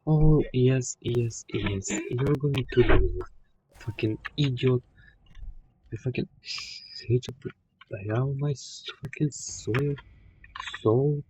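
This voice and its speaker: A man's voice: medium pitch, slow, warm tone, slight background noise. A man talking casually while playing a video game, swearing often and speaking in loose, non-native phrasing. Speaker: gamer. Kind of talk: casual gameplay commentary. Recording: dull lo-fi game capture.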